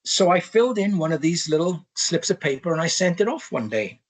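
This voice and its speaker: A man's voice: on the high side, big pitch swings, brisk. Welsh man in his sixties, rambling. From Wales. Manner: rambling, many restarts and "you know". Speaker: podcast guest. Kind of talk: reflective life story.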